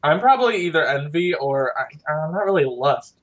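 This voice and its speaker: A woman's voice: low voice, lively intonation, moderate pace, dull audio. A young woman co-hosting a casual review chat, chatty and playful. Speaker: co-host.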